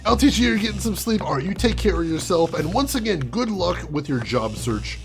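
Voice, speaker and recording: A man's voice: high-pitched, big pitch swings, a little fast, creaky, over music. A man with a Chicago accent doing let's-play commentary, chatting with viewers and answering their comments. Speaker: game streamer.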